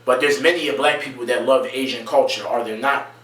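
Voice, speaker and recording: Man, vlog rant, emphatic and repetitive, medium pitch, roomy off-mic sound. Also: steady tone, fairly quick, a bit bright, far from the mic. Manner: emphatic, repetitive, rising to raised pitch when stressing points. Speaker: video creator. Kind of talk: impassioned monologue to camera.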